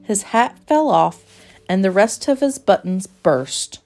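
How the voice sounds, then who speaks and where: Woman narrator, children's storybook, lively intonation, faint background music. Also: medium pitch. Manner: gentle, expressive, measured.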